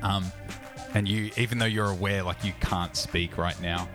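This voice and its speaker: Young man GM, deep voice, casual, fillers, music behind. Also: fairly even intonation, moderate pace. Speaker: game master. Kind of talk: narrating a tabletop game.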